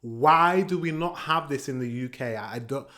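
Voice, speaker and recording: British man ranting on a reaction video. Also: medium pitch. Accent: British English. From England. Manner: animated, ranting, pauses to comment. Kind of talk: casual reaction commentary.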